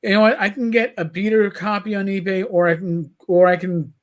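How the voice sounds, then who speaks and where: Host, male, New York accent, fairly high pitch, loose rambling delivery. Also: flat delivery, fairly quick. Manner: rambling, repeats words while talking. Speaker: podcast host. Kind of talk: casual livestream chat.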